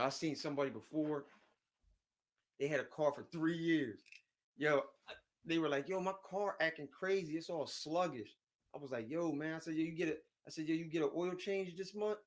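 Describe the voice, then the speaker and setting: Slangy, loose-talking man chatting casually. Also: fairly high pitch. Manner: loose slangy talk, repeats words, jumps between topics; often chuckles while talking. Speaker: streamer chatting with viewers. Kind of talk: casual chat.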